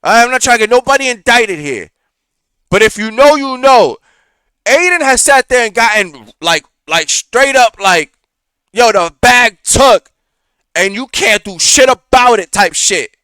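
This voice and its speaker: A man's voice: very high-pitched, a little slow, smooth, no echo. A man hosting a reaction show, ranting in casual, profane commentary with lots of fillers, recorded close on a studio mic. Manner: profane, animated rant with frequent fillers.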